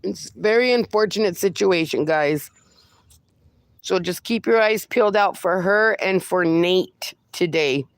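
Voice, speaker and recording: A woman chats with her livestream viewers from a fenced yard, her voice carrying a gravelly rasp. She keeps breaking off to coo baby talk at her dogs. The sound is close and dry, with no room echo. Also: lowish voice, a little slow. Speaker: livestream host. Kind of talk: casual livestream chat.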